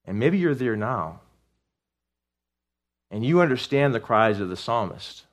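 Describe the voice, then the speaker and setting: A man's voice: medium pitch, big pitch swings, a little slow. A man preaching a sermon to a congregation, talking in an earnest, conversational way with restarts and asides, then rising into fervent outbursts as he reads scripture aloud. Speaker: pastor.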